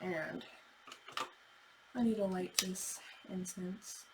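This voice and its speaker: A woman's voice: fairly low pitch, takes it slowly, heavy background noise. A woman giving a casual tarot reading, chatty and thinking aloud, with the odd swear word. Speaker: tarot reader.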